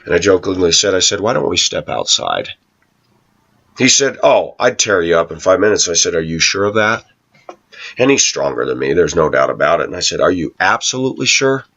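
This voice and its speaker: Guy vlogging to camera, kinda low voice, sarcastic rambly stories, dull lo-fi sound. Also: very animated, a little fast, vocal fry, sharp tone. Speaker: YouTube channel host. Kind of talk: casual talking-to-camera monologue.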